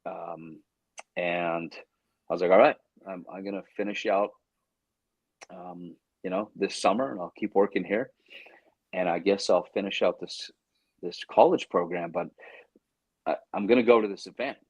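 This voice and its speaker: Low-voiced man telling a lively story. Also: normal speed, pauses often, husky, no echo, dull audio. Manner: animated, acts out his own inner voice and others' lines; frequent restarts and stammers when excited. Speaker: actor guest. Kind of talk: storytelling in a chat interview.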